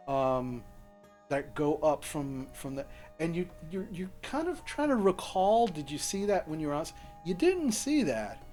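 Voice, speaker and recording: A man narrating as game master, describing the scene in a rambling, restarting way. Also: on the high side. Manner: rambling, lots of fillers and restarts.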